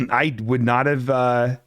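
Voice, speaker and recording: A man's voice: medium pitch, little pitch movement, slow pace, a bit bright, dry recording. Laid-back man laughing off the banter. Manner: laid-back, self-deprecating, laughs often. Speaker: podcast co-host. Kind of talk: casual chat.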